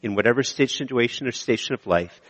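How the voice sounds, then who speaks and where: A middle-aged man preaching a sermon as pastor, impassioned and repetitive, swinging from hushed lines to loud ones. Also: mid-range voice, quick pace. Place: church sanctuary. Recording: long hall reverb.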